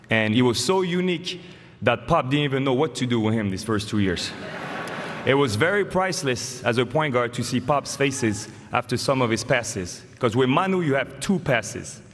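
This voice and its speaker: A man with a French accent delivers a good-humored acceptance speech, spinning stories about his teammates. His voice sits at an ordinary pitch and rings out with the long reverb of a big hall. A faint murmur of ambience lies underneath. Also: fairly bright tone, slight background noise. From France. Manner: joking, storytelling. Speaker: honoree giving an induction speech. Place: large hall.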